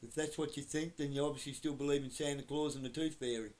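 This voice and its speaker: A man giving a blunt, heavily profane rant to camera that keeps flaring into shouting. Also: on the high side, steady tone, quick pace. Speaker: vlogger.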